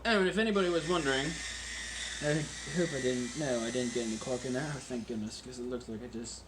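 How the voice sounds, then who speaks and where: A man hosting a casual wine-tasting vlog at home in a deliberately put-on British accent, joking and rambling about himself while recording on a phone. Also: medium pitch, background noise. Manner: jokey, rambling and self-mocking.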